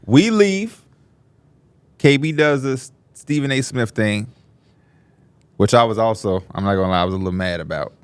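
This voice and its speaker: A podcast co-host tells stories in casual conversation, animatedly acting out the people he quotes with big jumps in pitch. He speaks at normal speed, pausing often, with a clean tone and no echo.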